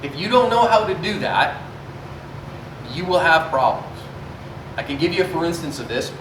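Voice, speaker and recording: A man in his forties teaches a self-defense class to a live group in a church meeting room, speaking conversationally and telling stories. His voice is fairly high with lively intonation at normal speed, recorded with a distant mic in an echoey room with faint noise.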